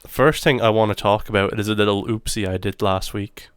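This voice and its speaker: Young male podcast co-host, smooth and clear, dry close sound, animated storyteller. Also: on the low side, a little fast, no echo. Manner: animated storytelling, swears a lot. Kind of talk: casual chat.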